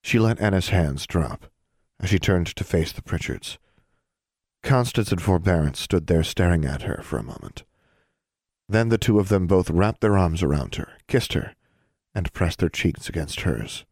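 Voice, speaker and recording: Brief: low-pitched male narrator, even delivery, dry booth sound. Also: normal speed, slightly rough, no room sound. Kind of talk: audiobook narration.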